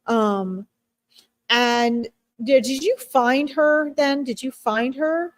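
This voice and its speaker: A woman giving an animal communication reading on a live stream, speaking gently and emotionally, halting often with fillers and restarts. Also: high voice, dry recording.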